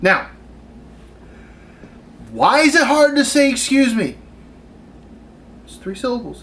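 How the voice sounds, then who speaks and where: A man's voice: very high voice, sing-song, slow pace, long pauses, fairly bright tone, a little hiss or hum. A man in his thirties ranting on camera about his retail job, exasperated and sarcastic. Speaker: retail worker venting on camera. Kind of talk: comedic rant vlog.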